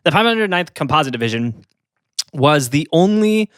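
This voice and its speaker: A man's voice: on the high side, very animated, moderate pace, a bit bright, clear, resonant tone, no echo, clean studio sound. A man co-hosting a podcast, telling a story in casual chat with fillers and restarts, out of breath. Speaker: podcast co-host.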